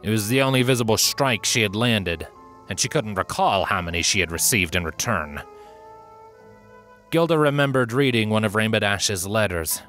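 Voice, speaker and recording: A man reading a fanfiction story aloud with steady, dramatic narration. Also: lowish voice, normal speed, soft background music. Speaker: narrator and reader.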